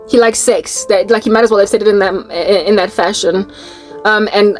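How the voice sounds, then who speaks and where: A South African woman telling a personal story in a casual chat to her viewers, animated and quick to laugh. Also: mid-range voice. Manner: animated, breaks into laughter, slips into Tswana and Zulu words. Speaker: Christian YouTuber.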